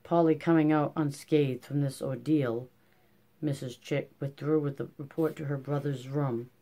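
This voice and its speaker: An audiobook narrator reading a classic novel in a measured, even manner. The voice is mellow and warm, at a middling pitch.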